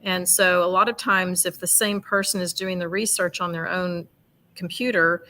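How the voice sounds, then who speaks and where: A woman's voice: lowish voice, fairly even intonation, normal speed, bright, forceful tone, a little hiss or hum. A woman guest on a talk show, explaining her consulting work in an eager, casual way with some fillers.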